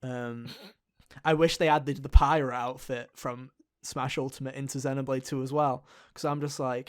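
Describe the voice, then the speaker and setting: A man's voice: mid-range voice, little pitch movement, normal speed. A man chatting casually on a gaming podcast, rambling and swearing with lots of fillers. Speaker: podcast co-host.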